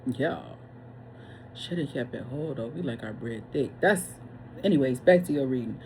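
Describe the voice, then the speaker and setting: A woman's voice: rumbling low, lively intonation, moderate pace, background noise. A woman giving a casual tarot reading, chatty and blunt, swearing freely and wandering off on tangents. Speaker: tarot reader.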